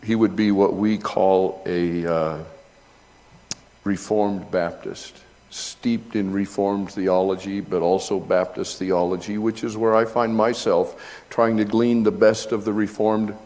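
Lower-voiced middle-aged male pastor preaching. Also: flat delivery, unhurried, long reverb tail. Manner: builds to loud, high-pitched emphasis when retelling scenes; reads aloud from an old essay between remarks. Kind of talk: sermon.

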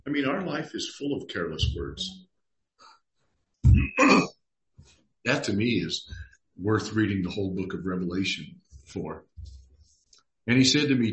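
A man's voice: on the low side, lively intonation, normal speed, long pauses, fairly bright tone. A man pastor teaching a Bible study in a conversational way, reading scripture aloud and acting out the dialogue. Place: church room. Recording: roomy echo.

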